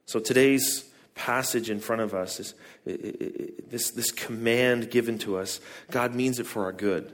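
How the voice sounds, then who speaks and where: A man's voice: steady tone, moderate pace. Emphatic man preaching a sermon. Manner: emphatic, repeats key words, stumbles and restarts; rises to high, loud emphasis on key phrases.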